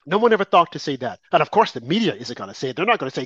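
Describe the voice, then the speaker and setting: A man co-hosting a political talk show, speaking with impassioned emphasis and lively swings in volume. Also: fairly high pitch, rapid-fire, husky, no echo, muffled recording. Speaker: co-host.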